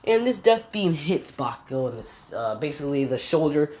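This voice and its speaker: Low-voiced woman rambling through a fan story. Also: very animated, moderate pace, warm tone. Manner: rambling, slangy, offhand. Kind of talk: casual fan story narration.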